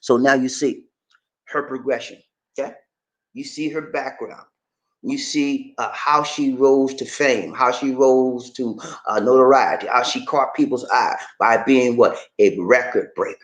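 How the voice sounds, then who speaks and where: A man's voice: medium pitch, fairly even intonation, unhurried. A man hosting political commentary, emphatic and rhetorical, often repeating "okay?" and "man". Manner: rhetorical questions, preacher-like delivery.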